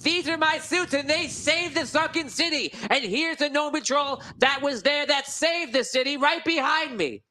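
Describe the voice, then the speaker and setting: A man voicing a pompous male gnome lord who designs suits, talking slowly and self-importantly. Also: extremely high pitch, sharp tone, a little hiss or hum, voice pushed up, exaggerated voice. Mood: proclaiming. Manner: slow, stately and self-important.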